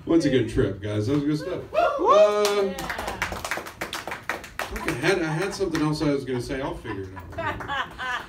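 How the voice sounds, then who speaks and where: Chatty high-voiced comedy show host. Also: male voice, wildly swooping pitch, normal speed, pauses often. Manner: loose, chatty, laughing between remarks. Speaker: open-mic host. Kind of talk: introducing comedians. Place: open-mic comedy room. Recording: roomy, distant room mic with faint background noise.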